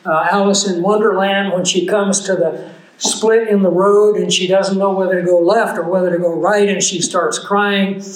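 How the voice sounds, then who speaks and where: A man preaching a sermon, earnest and conversational, moving easily between a personal story and his teaching point. His voice sits fairly high for a man. He is recorded in a roomy, echoing space. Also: steady tone, normal speed.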